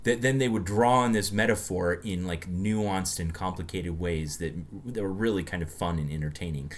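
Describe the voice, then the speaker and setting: A man from the United States with a very low voice, co-hosting a relaxed podcast chat. He tells stories in a loose, chatty way, often stopping and restarting his sentences. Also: moderate pace, few pauses. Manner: chatty storyteller, many restarts. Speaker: podcast co-host. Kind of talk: casual chat.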